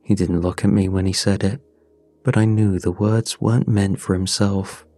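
A man narrating a scripted horror story in a measured, somber way. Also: lowish voice, level tone, dark tone, no echo, soft background music.

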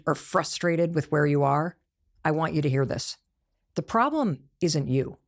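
A middle-aged woman, an author, announcing her new book straight to her audience, emotional and emphatic, with excited sighs and repeated phrases. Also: on the low side, vocal fry. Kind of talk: emotional direct-to-camera announcement.

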